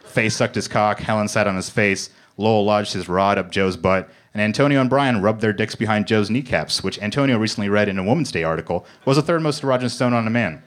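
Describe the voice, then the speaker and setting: A man reading comic fiction aloud in a mock-serious deadpan on a comedy club stage. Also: fairly low pitch, fast, few pauses. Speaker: comedy reader.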